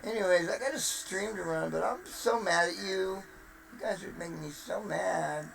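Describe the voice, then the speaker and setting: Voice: moderate pace, creaky, background noise. Profane, exasperated streamer ranting. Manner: profane, exasperated, low-voiced. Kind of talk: live-stream rant.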